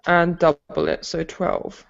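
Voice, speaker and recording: Gravelly-voiced man running a tabletop game. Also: a little high, expressive. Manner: halting, restarts while describing combat. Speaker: game master. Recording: lo-fi mic with faint noise.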